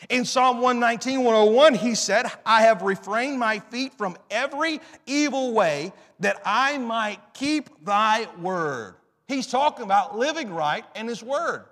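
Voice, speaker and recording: A middle-aged man preaching a sermon. He swings from loud, emphatic peaks to low, soft stretches and draws out scripture quotes slowly. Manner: reads scripture in slow, drawn-out phrasing. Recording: long hall reverb.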